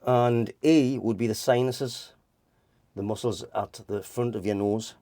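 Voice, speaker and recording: A man's voice: fairly low pitch, steady tone, unhurried, dark tone, no echo, studio quality. A man giving an informal voice lesson, rambling and restarting as he explains and demonstrates vowel sounds. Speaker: voice teacher.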